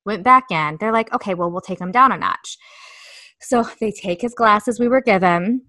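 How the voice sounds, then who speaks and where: A woman in her thirties, co-hosting a casual chat, telling a story in an animated, emphatic way. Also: mid-range voice, moderate pace, dry recording. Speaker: podcast co-host.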